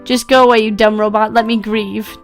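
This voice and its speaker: A woman's voice: mid-range voice, sing-song, a little fast, vocal fry, soft background music. A woman voicing an emotional young woman housemate while reading a visual novel aloud. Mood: upset.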